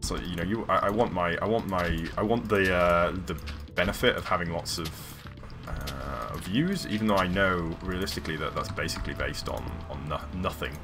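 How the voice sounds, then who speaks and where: A man's voice: low voice, normal speed. A man chatting casually while live-streaming a game, rambling with lots of ums and restarts. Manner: rambling, hesitant, many fillers and restarts. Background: background music.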